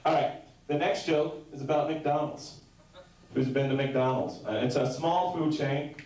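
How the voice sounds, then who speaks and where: A young man performing a stand-up comedy set, telling rambling deadpan stories and breaking into sudden shouted bits. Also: a little high, measured pace. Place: comedy club stage. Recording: very echoey room heard from a distance.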